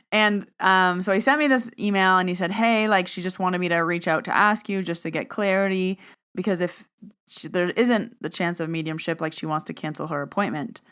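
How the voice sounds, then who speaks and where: A woman's voice: fairly low pitch, normal speed, fairly bright tone, clean tone. A woman hosting a podcast, telling a personal story in a casual, chatty way, full of "like" and acted-out back-and-forth dialogue. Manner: chatty, peppered with "like", acts out quoted exchanges. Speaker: podcast host and medium.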